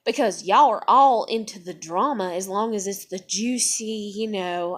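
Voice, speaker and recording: A young woman venting angrily in a vlog. She swears constantly and swings between loud outbursts and low muttering. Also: moderate pace, hardly any pauses. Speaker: vlogger. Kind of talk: angry venting monologue.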